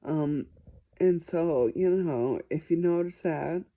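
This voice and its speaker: A woman's voice: deep voice, takes it slowly, dark tone. A woman answering viewer questions in a casual vlog, chatty and self-deprecating.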